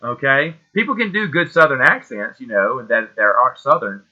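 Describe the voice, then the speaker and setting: Excitable male host with a sharp, bright voice riffing on movies, recorded a bit dull and lo-fi. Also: mid-range voice, moderate pace. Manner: enthusiastic, rambling, loses names mid-sentence. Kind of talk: casual solo movie talk.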